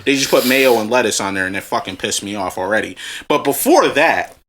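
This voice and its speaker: A man's voice: on the low side, expressive, fairly quick, a bit bright, a little hiss or hum. A man co-hosting a podcast, telling a profane, angry story and laughing as he goes. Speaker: podcast co-host.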